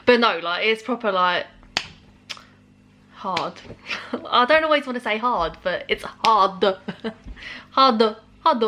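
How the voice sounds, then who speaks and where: A woman talking casually as she hosts a reaction video, chatty and quick to laugh. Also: medium pitch, animated, noisy background. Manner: chatty, pauses the track to comment, laughs often.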